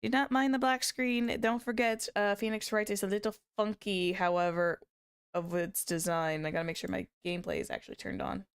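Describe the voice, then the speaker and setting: Smooth-voiced woman chatting on stream. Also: mid-range voice, steady tone, brisk. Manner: chatty, rambling with many restarts and laughs. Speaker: VTuber streamer. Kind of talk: casual stream chat.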